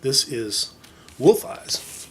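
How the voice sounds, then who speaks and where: Talking extremely slowly yet animatedly, a man rambles about his record collection for a casual vlog, full of filler words and jokey side comments. His mid-range voice is a bit bright with a breathy edge.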